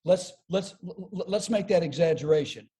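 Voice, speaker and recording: Animated comedian with a high voice. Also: male voice, normal speed. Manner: animated storyteller, repeats words as he builds jokes. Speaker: comedian guest. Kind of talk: podcast interview.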